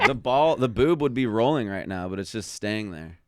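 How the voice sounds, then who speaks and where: Young male guest, playful, laughs often, low and animated voice. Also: normal speed, crowd noise. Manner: joking, laughs a lot. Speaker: podcast guest. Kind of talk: casual podcast banter.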